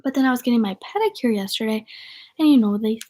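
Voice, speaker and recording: A woman's voice: a little high, expressive, fast talker, mellow. A young woman from the northern United States chatting casually to viewers on a livestream, rambling and giggly. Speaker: vlogger.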